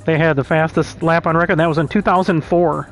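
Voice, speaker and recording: A man with a noticeably high speaking voice runs a sim racing lobby over his headset, checking in drivers with an easygoing, joking manner. Soft music plays faintly behind him as he chats. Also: fairly even intonation, a little fast, low-quality recording. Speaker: race league host. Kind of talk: casual voice chat roll call.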